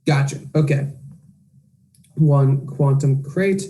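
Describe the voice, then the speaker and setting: A man's voice: medium pitch, slow pace, mellow. A man playing a tabletop game, hesitant, narrating his character's actions.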